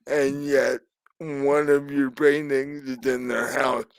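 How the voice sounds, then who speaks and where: A man narrating as game master, slow and hesitant with frequent laughs. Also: mid-range voice, little pitch movement, dry recording.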